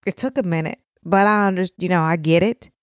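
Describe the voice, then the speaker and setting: A middle-aged woman hosting a podcast, talking with deep feeling and speaking straight to other mothers in casual, heartfelt chat. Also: a little fast, dry recording, studio quality. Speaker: podcast host. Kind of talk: heartfelt casual talk to listeners.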